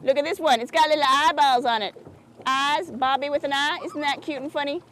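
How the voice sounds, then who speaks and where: Actress as a perky craft-show host, high, folksy and sugary; outdoors by a lake. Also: female voice, steady tone, fairly quick, fairly bright tone, a little hiss or hum, rough recording. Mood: cheery. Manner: chirpy, folksy and sugary, keeps asking "isn't that sweet". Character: perky, oblivious small-town woman who hosts a craft show. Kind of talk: comedic public-access TV hosting.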